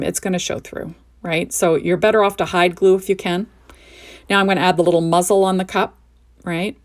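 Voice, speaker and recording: Gravelly chatty woman crafter. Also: fairly low pitch, darkish tone. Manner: chatty, enthusiastic, often asks "right?". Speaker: crafting video host. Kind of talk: card-making tutorial narration.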